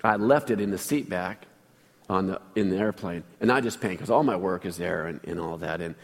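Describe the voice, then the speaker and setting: A man's voice: sits low, fairly quick, big-room sound. Chatty storytelling male pastor. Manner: storytelling, chatty, asks the congregation questions. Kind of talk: sermon.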